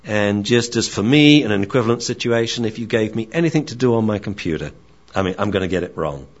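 Low-voiced guy explaining dog training, really lively ups and downs, dull lo-fi sound. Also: quick pace. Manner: animated, acts out barks and dialogue. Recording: dull lo-fi recording.

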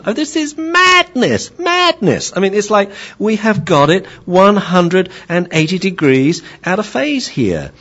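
A man's voice: a little high, husky, dull audio. A man who trains dogs, hosting a radio talk show and explaining with acted-out examples.

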